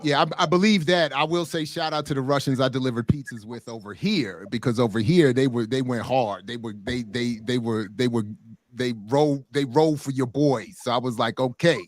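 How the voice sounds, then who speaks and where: A man's voice: mid-range voice, fairly quick, dry recording. A man co-hosting a morning radio show, chatting in a laid-back, joking way. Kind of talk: casual radio talk.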